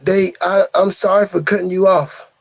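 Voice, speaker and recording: As a podcast guest, a man delivers an earnest, sermon-like monologue, insistently returning to the same phrases. His high-pitched voice has vocal fry, fairly even intonation, and a moderate pace, in a dry recording with the highs cut off.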